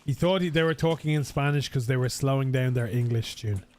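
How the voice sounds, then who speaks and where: A man's voice: mid-range voice, brisk, darkish tone. A man with an Irish accent chatting casually and rambling while streaming a game. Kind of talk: casual gaming stream chat.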